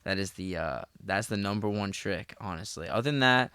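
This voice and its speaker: A young man, a podcast guest, telling animated stories in casual chat, with lots of "like" and plenty of swearing. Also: fairly low pitch, fairly quick, smooth, dry recording. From Philadelphia area. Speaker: podcast guest, parkour athlete.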